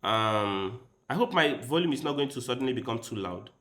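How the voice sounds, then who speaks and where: Talking fairly quickly with lively intonation, this chess streamer has a mid-range, slightly bright voice. He rambles casually and speaks straight to his livestream audience while soft background music plays.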